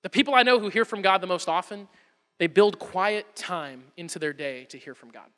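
Bright-voiced preaching man, high and echoey. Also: animated, moderate pace. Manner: emphatic, repetitive preaching with stumbles. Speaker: pastor. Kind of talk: sermon.

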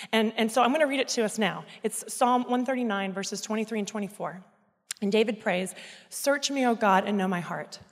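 A woman in her thirties speaking into a microphone at a church service, telling a candid personal story in an animated, self-mocking way. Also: on the high side. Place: church auditorium. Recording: echoey hall sound.

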